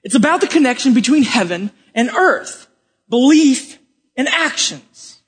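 A man preaching a sermon to a live congregation, swinging from loud emphatic questions to quiet explanation. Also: very high-pitched, sing-song, a little slow, slightly rough. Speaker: pastor.

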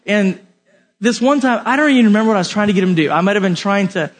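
A young man teaching a Bible lesson from an outline, animated and often asking the audience questions. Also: high voice, very fast.

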